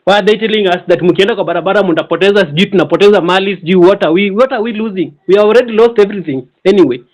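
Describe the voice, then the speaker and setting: A man's voice: high-pitched, rapid-fire, highs cut off. A man with a Kenyan English accent calling into a live audio room, angry and switching between Swahili and English. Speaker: caller on a live audio space.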